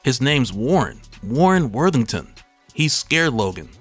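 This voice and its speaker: A man's voice: mid-range voice, big pitch swings, a little slow, slightly rough, dry recording, faint music behind. A man voicing an earnest, caring young woman from a comic who speaks in an urgent, pleading way.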